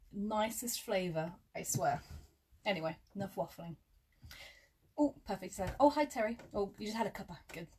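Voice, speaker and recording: A woman's voice: medium pitch, darkish tone. A woman teaching quilting in a chatty live tutorial. She talks through measurements step by step and drifts into friendly asides.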